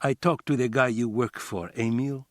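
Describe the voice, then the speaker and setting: A man voicing a cagey Cuban man with a Cuban accent who poses as a magician and speaks in formal, halting phrases. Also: medium pitch, fairly even intonation, no echo, studio quality, natural voice.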